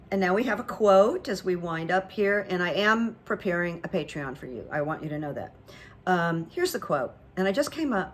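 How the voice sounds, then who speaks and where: A woman's voice: mid-range voice, a bit bright. A woman hosting her own show, telling a casual story in a chatty, self-deprecating way with lots of fillers. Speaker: host.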